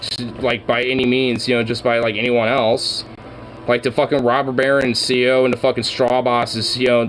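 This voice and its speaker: A man's voice: mid-range voice, slight background noise, poor audio. Profane, heated streamer man. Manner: profane, heated rambling with many fillers. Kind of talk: casual stream chat.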